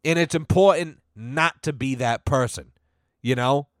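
A man hosting a comedy podcast, ranting casually and profanely, filling every pause with "you know" and acting out quoted people. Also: dry recording. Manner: acts out quoted voices with big pitch swings. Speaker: podcast host.

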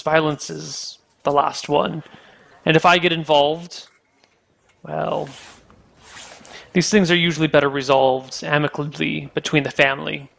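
A man voicing a cautious male knight who gives calm, deliberate counsel. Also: on the high side, gravelly.

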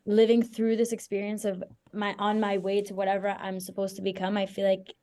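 A young Venezuelan singer guesting on a podcast gives advice in casual interview chat, earnest, reflective, and rambling, with lots of "like". Her medium-pitched voice is brisk and darkish, with a completely flat delivery.

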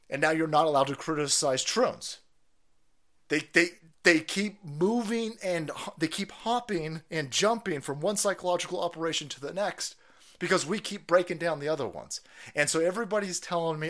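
A man hosting a livestream, ranting angrily and profanely, with sudden shouted bursts. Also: on the high side, normal speed. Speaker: livestream host.

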